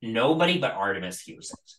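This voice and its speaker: A game master running a tabletop game, halting and full of ums as the rolls come in. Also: mid-range voice, very animated, fairly bright tone, reverberant, rough recording. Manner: halting, lots of ums and likes.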